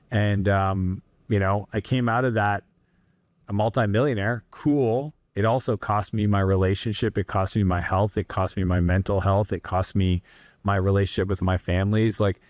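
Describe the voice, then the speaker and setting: A man's voice: lowish voice, a little mellow, dry recording. A man in his thirties from Canada, a guest in an interview, telling his story in an earnest, rambling way with many asides. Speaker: guest entrepreneur.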